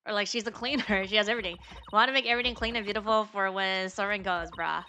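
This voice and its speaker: A woman streams a game and chats through it in casual, slangy asides, often breaking into giggles. Her voice is bright and sharp. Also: mid-range voice, fairly even intonation, fast talker, a little hiss or hum. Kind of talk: let's play commentary.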